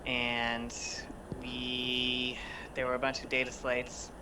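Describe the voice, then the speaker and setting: A man plays a tabletop game, describing events in stiff, formal wording. His voice is mid-pitched for a man. He sounds distant, with heavy noise behind him. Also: monotone. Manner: formal, measured recounting. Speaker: player. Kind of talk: in-character tabletop report.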